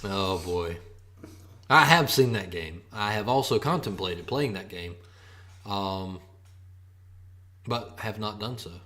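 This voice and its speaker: A man's voice: on the low side, takes it slowly, long pauses, bright, forceful tone. Joking man co-hosting a live stream. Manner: playful, joking banter with the chat. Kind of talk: casual live-stream chat.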